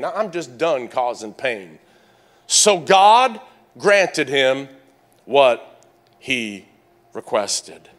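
A man in his sixties preaching a sermon, mixing comic storytelling with animated calls to the congregation. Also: mid-range voice, drawn-out words, long pauses. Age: 60s. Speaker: pastor.

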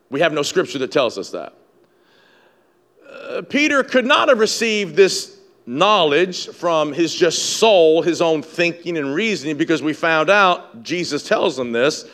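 Man, pastor, sermon, high voice, bright tone, shouted emphasis, stammering restarts. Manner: preaching with rising, shouted emphasis and repeated phrases.

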